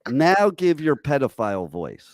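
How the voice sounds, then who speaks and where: A man's voice: medium pitch, huge pitch swings, measured pace, no room sound. Joking male radio host, dry studio sound. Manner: joking, teasing. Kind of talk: casual studio banter.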